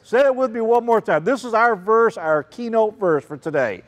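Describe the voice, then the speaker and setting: A man, a children's ministry speaker giving an animated talk to a group of kids and calling out questions to them. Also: high voice, brisk, hardly any pauses. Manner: animated, calls out questions to the crowd. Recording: long reverb, large hall.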